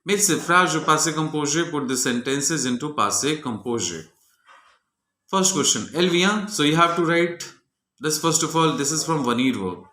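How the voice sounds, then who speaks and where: Guy teaching french grammar, bright clear voice, goes thru each answer step by step, echoey room. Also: a little high, lively intonation, moderate pace. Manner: methodical, walks through each answer step by step. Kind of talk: explaining a French grammar lesson.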